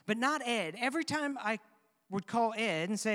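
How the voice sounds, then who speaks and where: High-voiced pastor preaching in a reverberant hall. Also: male voice, expressive, normal speed, a bit bright. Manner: conversational storytelling with rhetorical questions. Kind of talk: sermon.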